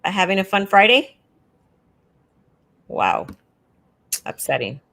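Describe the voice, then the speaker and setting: A woman's voice: mid-range voice, sing-song, takes it slowly, vocal fry, pushed and bright. A woman co-hosting a casual talk stream for teachers, exasperated and openly sarcastic. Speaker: co-host of educators' union livestream. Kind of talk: casual chat.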